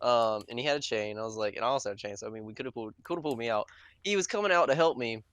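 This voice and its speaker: A man's voice: mid-range voice, very fast, fairly bright tone, clear, resonant tone, no echo. A young man co-hosting a podcast, telling a story among friends in a loose, rambling way, laughing and swearing often. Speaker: podcast co-host.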